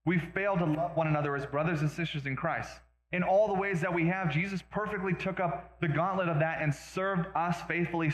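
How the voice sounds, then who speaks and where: A male pastor preaching a sermon in a conversational way, with quick asides and self-deprecating jokes. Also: fairly high pitch, a bit bright, roomy sound, rough recording.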